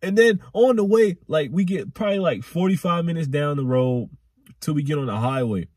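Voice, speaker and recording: In a rambling storytime vlog, a young adult man recounts a chaotic ride, his husky voice swooping high and low as he gets worked up. He talks briskly and animatedly, repeating slang. The sound is close, dry and right on the mic, with no echo.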